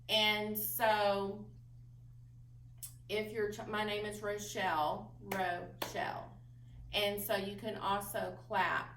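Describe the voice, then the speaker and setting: A woman librarian giving patient instructional advice to parents, explaining slowly with frequent ums. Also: mid-range voice, vocal fry, fairly bright tone. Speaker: children's librarian. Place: library room. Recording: roomy distant mic with faint noise.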